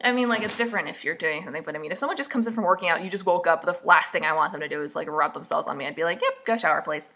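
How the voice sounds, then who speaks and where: A woman talking straight into her desk mic with a bright, sharp-edged voice. She rambles through a book recap and keeps breaking off for snarky, mocking jabs. Her delivery is loose and chatty, with lots of fillers. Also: fairly low pitch, rapid-fire, hardly any pauses. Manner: casual and rambling, with many fillers. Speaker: vlogger.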